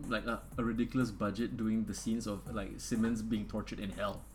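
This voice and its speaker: A man's voice: on the low side, little pitch movement, brisk, a little mellow, slight background noise. Rambling man chatting films. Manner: rambling, swears, laughs often. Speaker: podcast co-host. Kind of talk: casual chat about films.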